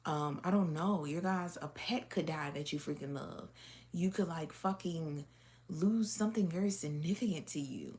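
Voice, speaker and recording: Blunt, profane woman with a lowish voice. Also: moderate pace, a little mellow. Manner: blunt and profane, with frequent laughs and fillers. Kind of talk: casual unscripted reading to camera.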